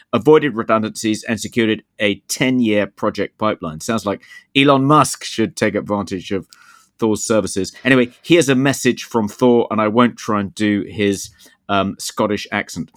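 A man's voice: fairly low pitch, normal speed, no room sound, studio quality. A man hosting a podcast, reading a sponsor advert with wry asides. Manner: reads ad copy with wry asides and laughs. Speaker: podcast host.

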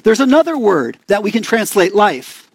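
A young man with an Arizona accent preaches in a relaxed, conversational sermon, often turning to the congregation with questions. His voice sits fairly high for a man. The sound is dry and close, with little room. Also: normal speed, husky, dry recording. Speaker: pastor.

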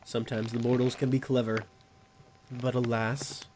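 A man's voice: medium pitch, little pitch movement, moderate pace, darkish tone, slight background noise, natural voice, rough recording. A man voicing a smug demon patron. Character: female winged horned demon patron, smug.

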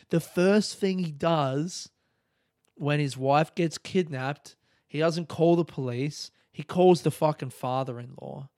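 A man's voice: medium pitch, smooth, no room sound, studio quality. A young man hosting a podcast, talking on his own in a rambling, candid way and swearing freely. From Australia. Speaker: podcast host. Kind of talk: casual solo podcast monologue.

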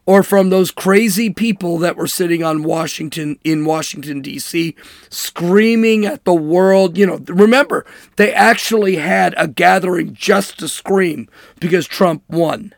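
Man, political commentary host, sarcastic, emphatic, gravelly, fairly high voice. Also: moderate pace, no room sound, clean studio sound. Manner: emphatic, sarcastic, mocking air quotes. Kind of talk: opinionated monologue.

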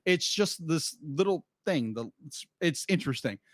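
A man co-hosting a podcast in loose, casual chat. He rambles, restarts his sentences and keeps adding asides. His voice sits slightly high, and the sound is dry and close. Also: expressive, moderate pace, dry recording. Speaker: podcast co-host.

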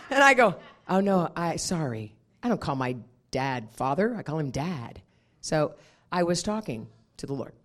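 A woman minister preaching a sermon, telling a personal story in an animated way and laughing often. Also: sits low, unhurried, long pauses.

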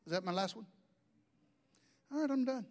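High-voiced joking pastor. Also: male voice, lively intonation, moderate pace, a little mellow. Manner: folksy, joking storytelling preacher. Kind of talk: sermon.

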